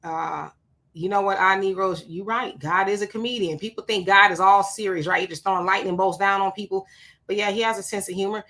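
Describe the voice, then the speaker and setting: With a brisk, steady, medium-pitched voice of fairly bright tone, a sweating woman runs a casual livestream. She welcomes viewers by name and talks through their comments, tossing in rhetorical questions and asides.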